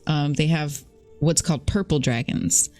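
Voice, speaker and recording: A woman's voice: sits low, a little slow, a little mellow, faint music behind. A woman narrating as game master of a tabletop game, chatty and often correcting herself mid-sentence.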